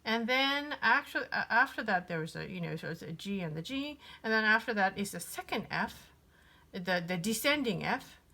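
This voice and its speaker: A woman's voice: medium pitch, animated, moderate pace, sharp tone. A woman giving a casual piano lesson, thinking aloud with many fillers and restarts. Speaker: piano teacher.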